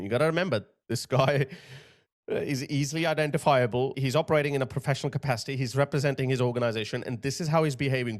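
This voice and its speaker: A male commentator giving emphatic, indignant opinion commentary on a video he plays. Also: fairly high pitch. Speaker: political commentator.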